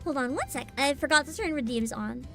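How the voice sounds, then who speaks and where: Over faint game music, a young woman casually chats with her stream audience while playing a story game, giggly and playful as she talks to chat. Her high voice is expressive and fairly quick.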